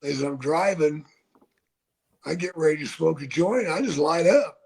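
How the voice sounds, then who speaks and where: Slow gravelly older man telling stories. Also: fairly high pitch, a little mellow. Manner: slow, gravelly, profane storytelling. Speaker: podcast guest and co-host, retired wrestler. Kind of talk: casual storytelling chat.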